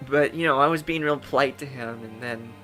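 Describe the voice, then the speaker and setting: A man's voice: medium pitch, brisk, over loud music, lightly acted. A man voicing a lovesick young innkeeper woman who rambles and gossips about a bad date. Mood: gossipy.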